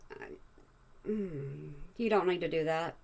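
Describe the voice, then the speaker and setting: A woman's voice: low-pitched, unhurried, gravelly, very noisy. A woman hosting a reaction channel, talking back to a clip in a blunt, exasperated way. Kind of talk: reaction commentary.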